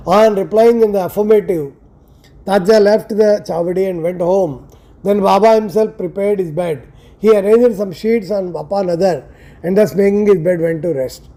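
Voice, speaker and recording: A man with an Indian English accent reading a devotional scripture aloud in a slow, measured, reverent way with pauses. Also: sits high, mellow. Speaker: scripture reader.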